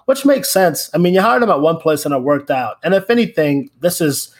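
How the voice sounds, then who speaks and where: A man with a slightly raised speaking voice co-hosts a casual sports podcast. He rambles through his points with quick asides and the odd curse. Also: fairly high pitch, expressive, husky. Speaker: podcast co-host.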